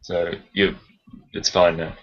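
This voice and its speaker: A man's voice: sits low, little pitch movement, slow pace. A man chatting casually on a video call, laid-back and laughing easily. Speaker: video chat participant. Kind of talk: casual chat. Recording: dull lo-fi call audio.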